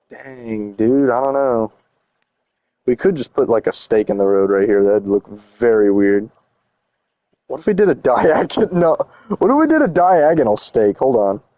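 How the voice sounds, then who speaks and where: A young man rambling through a casual live stream, teasing his chat with a slangy "bro" here and "dude" there. His voice is mellow and warm. The sound is dry and close, with no room around it. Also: medium pitch, no echo.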